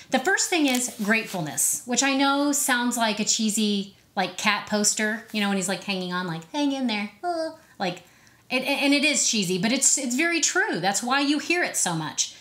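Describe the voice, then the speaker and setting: A woman's voice: fairly high pitch, fairly bright tone. Woman, 30s, motivational host, casual chat to camera, upbeat, chatty, playful inner voices. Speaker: host of a self-help video series.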